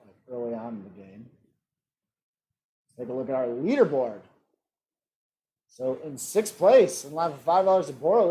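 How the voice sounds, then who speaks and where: A man hosting an online trivia game. He reads out multiple-choice questions and adds relaxed joking asides. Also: medium pitch, a little hiss or hum. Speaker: trivia quiz host.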